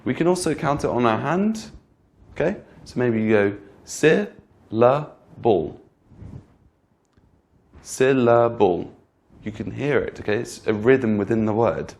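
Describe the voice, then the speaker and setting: A man teaching English pronunciation in a clear, patient lesson, repeating example words and checking in with the learner. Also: medium pitch, moderate pace, a little mellow. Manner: patient, repeats each example word twice; addresses the learner directly with frequent "okay?". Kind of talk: slow, clear instructional lesson.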